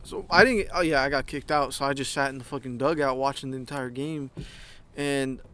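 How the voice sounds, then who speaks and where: A young man co-hosting a podcast, telling animated, profanity-filled stories and acting out what people said. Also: medium pitch, fairly quick. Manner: animated storytelling, heavy swearing, acts out quotes. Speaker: podcast co-host. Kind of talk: casual chat.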